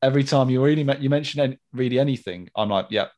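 A man's voice: mid-range voice, rapid-fire, darkish tone, muffled recording. A man co-hosting a podcast, chatting and reading a listener's letter in a friendly, laughing way. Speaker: podcast co-host. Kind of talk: casual chat, reading listener mail.

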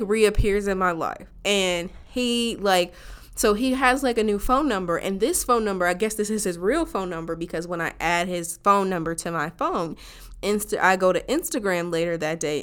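A woman telling a personal story to her viewers in a casual, animated, profane way, often saying y'all. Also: mid-range voice, smooth.

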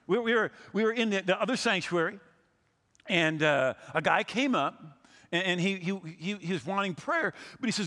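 A man's voice: sits high, very animated, brisk, pushed and bright, big-room sound. A man in his sixties, a pastor preaching a sermon, telling stories and acting out the people he quotes, often repeating his words as he goes. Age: 60s.

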